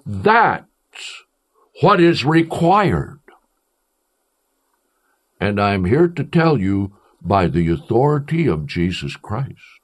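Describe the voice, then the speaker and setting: A male preacher delivering an emphatic sermon, declaiming with strong swings in pitch and pace. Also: big pitch swings, very slow, pauses often.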